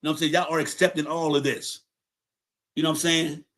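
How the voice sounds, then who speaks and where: A man's voice: a little high, little pitch movement, fast, a bit bright. A man hosting a podcast livestream, delivering an angry, profane, confrontational rant and repeating his points for emphasis. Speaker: podcast host. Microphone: livestream setup.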